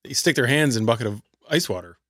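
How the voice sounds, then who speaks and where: A man's voice: medium pitch, lively intonation, fast talker, fairly bright tone, no echo, studio quality. A man co-hosting a podcast, chatting loosely and leaning on fillers like "you know.". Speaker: podcast co-host. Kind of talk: casual chat.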